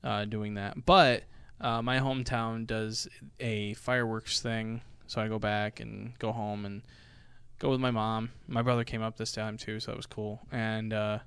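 A man's voice: lowish voice, little pitch movement, unhurried, a bit bright, clean tone, no room sound. A young man co-hosting a podcast, rambling in casual chat, laughing often and swearing freely into a podcast mic. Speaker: podcast co-host.

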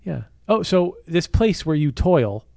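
Male podcast co-host, animated jokey riffer, fairly high-pitched, dead-dry studio sound. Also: a little slow, vocal fry, no room sound. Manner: riffing, jokey, swears, bursts into mock-outraged bits. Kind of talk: casual comedic chat. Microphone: studio microphone.

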